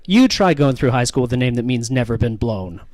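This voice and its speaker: A man's voice: mid-range voice, lively intonation, brisk. A man doing stand-up crowd work, teasing the audience with profane jokes. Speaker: stand-up comedian. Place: comedy venue with live audience.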